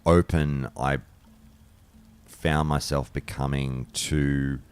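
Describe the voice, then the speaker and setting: A man's voice: very deep voice, fairly even intonation, slow pace, clean tone, soft background music. A man chatting casually and bluntly on a live stream, swearing freely and rambling between thoughts. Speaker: streamer and podcast host. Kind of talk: casual live-stream chat while gaming.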